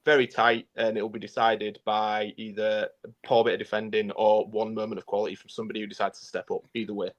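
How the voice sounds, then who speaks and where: A man's voice: fairly low pitch, little pitch movement, quick pace, few pauses. A man co-hosting a casual football podcast, talking bluntly and often repeating his words while he thinks. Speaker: podcast co-host.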